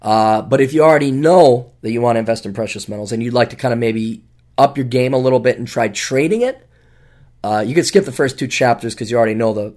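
A middle-aged man hosting a solo podcast, talking in a sarcastic, rambling way with big jumps in pitch for emphasis. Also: a little mellow. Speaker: podcast host.

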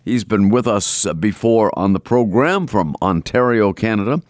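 A man's voice: on the low side, animated, moderate pace. A man with a Boston accent hosting a morning talk radio show, rambling casually with lots of fillers and restarts. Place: radio studio. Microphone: studio microphone.

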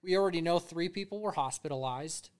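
A man's voice: a little high, a little fast, clean tone. Swearing man ranting on a podcast. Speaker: podcast co-host. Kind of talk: casual podcast chat. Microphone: streamed podcast mic.

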